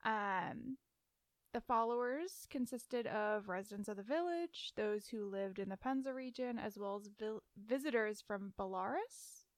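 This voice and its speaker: A woman's voice: fairly high pitch, a little slow, no echo. A woman co-hosting a podcast, telling a story in casual chat, giggling and stumbling over names. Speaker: podcast co-host.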